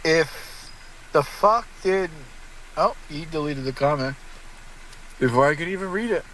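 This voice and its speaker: A man's voice: a little high, expressive, measured pace, fairly bright tone, a little hiss or hum. A man in a played clip giving a crude, profane, rambling rant, repeating himself and stumbling over words.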